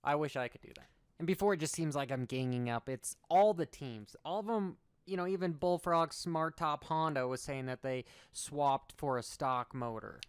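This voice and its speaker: A middle-aged man who is a motocross racer gives a sarcastic, animated commentary in his vlog, rambling from one point to the next. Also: on the high side, moderate pace, smooth, no room sound.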